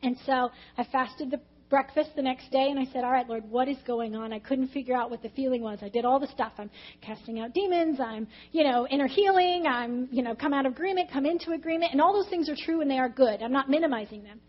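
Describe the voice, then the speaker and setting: A woman's voice: high-pitched, quick pace, lo-fi sound. A woman preaching a testimony-style sermon, telling her story with animation and acting out her own past reactions.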